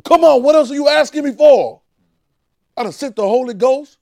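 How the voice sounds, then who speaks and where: A man's voice: very high-pitched, measured pace, vocal fry, breathy edge, dry recording, clean studio sound, pitched above the performer's own voice, exaggerated voice. A man voicing Jesus, exasperated and scolding a believer with pleading, insistent repetition.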